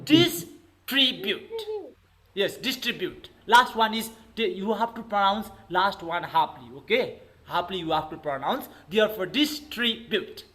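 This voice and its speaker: On a low-quality recording, a man whose voice sits high teaches English online at normal speed with few pauses. His tone is bright and forceful, his accent Nepali, and he keeps calling on the class with "okay" and "everybody."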